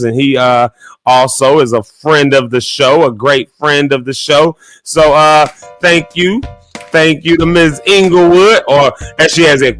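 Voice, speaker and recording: A man hosting a live morning show from his office, chatting casually, reading viewer comments aloud and giving playful shout-outs. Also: on the high side.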